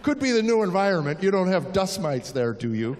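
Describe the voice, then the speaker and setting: A man's voice: high-pitched, sing-song, a little fast, a crowd in the background. A man in his sixties from the United States, telling stories in a stand-up comedy set and acting out the quoted lines. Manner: storytelling with acted-out quotes. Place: large hall with audience. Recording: live hall reverb.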